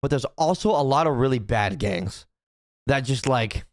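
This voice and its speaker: A man's voice: mid-range voice, lively intonation, normal speed, no echo, studio quality. A young man streaming, chatting casually to his chat, rambling and swearing, with lots of restarts and repeated "right?".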